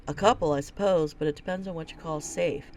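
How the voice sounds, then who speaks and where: A woman reading a gruff gate captain. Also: deep voice, steady tone, fairly quick, a little mellow, a little hiss or hum.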